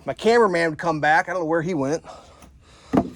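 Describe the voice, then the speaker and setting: A slightly high-voiced man giving a blunt, profane, joking walkthrough outdoors at a building site, shovel in hand. Faint outdoor noise sits behind his voice, caught on a handheld camera. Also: quick pace. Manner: blunt, joking, swears freely. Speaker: home builder. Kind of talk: casual how-to vlog. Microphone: handheld camera, some of it filmed one-handed by himself.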